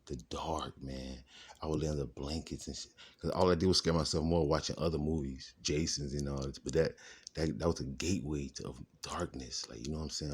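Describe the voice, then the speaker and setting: A man's voice: extremely low pitch, darkish tone, a little hiss or hum. A man telling his life story in a rambling, casual way, drifting off topic and restarting his sentences. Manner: rambling, digressive, restarts often.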